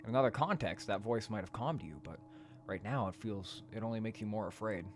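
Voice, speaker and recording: A man reading a horror dating game aloud in a quiet voice, breaking into loud, profane rants between passages. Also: fairly low pitch, fairly quick, slight background noise. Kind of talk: let's play narration and commentary.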